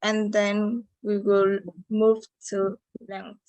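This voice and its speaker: A young woman giving a halting class presentation as a student. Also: medium pitch, completely flat delivery, darkish tone, dry recording, poor audio. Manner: slow, halting, with fillers. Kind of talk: class presentation on English word stress.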